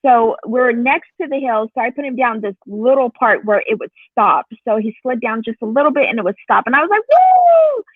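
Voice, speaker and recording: Woman, lively storyteller, tinny phone line, dry sound. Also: fairly high pitch, a little fast, few pauses, dry recording. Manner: animated storyteller, laughs often, acts out quotes. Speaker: participant in a support group call. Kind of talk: casual chat.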